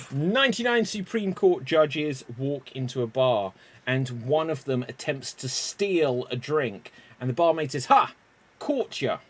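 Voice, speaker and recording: A man hosting an online improv game over a video call, unhurried and chuckling as he calls on players by name. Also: on the high side, lively intonation. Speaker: improv show host.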